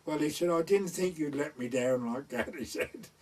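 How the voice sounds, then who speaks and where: An older man from East Anglia, England, whose accent is North Essex / West Suffolk border dialect, tells rambling village stories for an oral-history recording and voices those he quotes. His slightly mellow voice is on the high side at normal speed, and the mic is distant.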